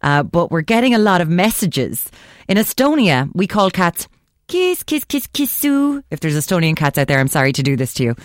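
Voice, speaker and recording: A woman's voice: sits low, expressive, a little fast, dry recording. An Irish woman hosting a casual radio show, chatting, laughing easily and reading out listener messages from a studio mic. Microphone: studio microphone.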